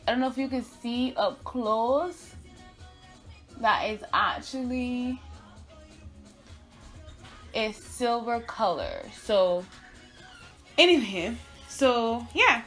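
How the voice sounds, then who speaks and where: A woman's voice: fairly high pitch, takes it slowly, pauses often, soft background music. A young woman from Barbados with a mixed Barbadian and American accent, chatting casually through a makeup tutorial. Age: young adult. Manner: chatty, relaxed, with fillers. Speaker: beauty vlogger.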